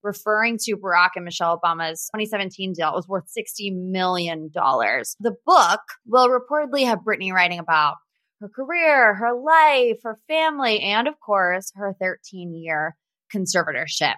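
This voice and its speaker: A woman's voice: mid-range voice, lively intonation, normal speed, pushed and bright, dry recording. A woman hosting a pop culture podcast, chatting casually with gossipy, sarcastic asides. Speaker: podcast host.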